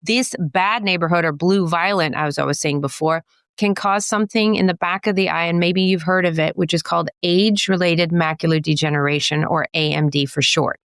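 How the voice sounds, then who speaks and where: A woman optometrist and professor explaining eye science in a jokey, teacherly way, full of quick asides and wordplay. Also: on the low side, a bit bright, clean tone, no room sound. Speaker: optometrist and professor giving a guest lecture. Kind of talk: playful explanatory talk to a host.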